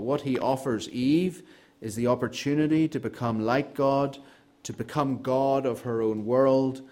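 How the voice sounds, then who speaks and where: A man's voice: mid-range voice, a little mellow. A man preaching an expository sermon, earnest and emphatic, with a dry sense of humor.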